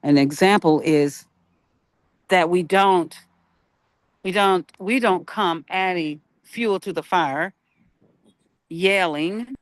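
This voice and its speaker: Slow, halting spiritual talk host. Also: mid-range voice, no echo. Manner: halting, searching for words, rhetorical questions. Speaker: broadcast host. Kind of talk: unscripted spiritual talk on peacemaking.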